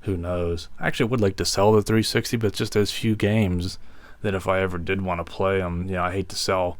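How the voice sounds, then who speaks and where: A man hosting a gaming video, chatting casually over gameplay with a relaxed, rambling manner and frequent fillers. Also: low-pitched, fairly quick.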